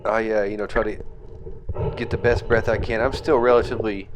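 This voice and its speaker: A young man tells the story of his fishing trip over his footage in an easy, rambling way, full of fillers and restarts. His voice sits on the low side and picks up energy when the action gets tense, with steady noise running behind him. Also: fairly quick. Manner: relaxed storytelling with fillers, excited in tense parts. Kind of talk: casual voice-over narration.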